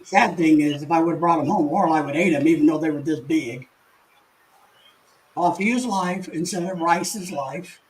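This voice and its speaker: A man's voice: on the high side, normal speed, darkish tone, slight background noise, low-quality recording. An older man hosting a live stream, chatting in a folksy, easygoing way as he reads out viewers' comments, often restarting his sentences and chuckling. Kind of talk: casual live stream chat reading comments.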